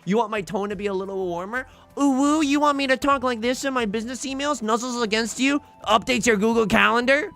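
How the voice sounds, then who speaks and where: A man voicing an overly flirty, cooing office coworker in a teasing, high put-on voice. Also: a little fast, hardly any pauses, fairly bright tone, soft background music. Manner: exaggerated sultry teasing.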